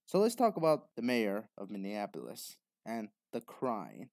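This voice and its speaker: A man's voice: lowish voice, huge pitch swings, unhurried, gravelly, a little mellow, no room sound. A man delivering an opinionated commentary monologue, talking bluntly and lecturing the viewer directly. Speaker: video essayist.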